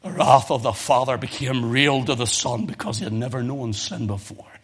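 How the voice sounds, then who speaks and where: A male preacher delivering a fervent sermon, swinging from loud emotional crescendos to low, intense tones. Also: normal speed, slightly rough.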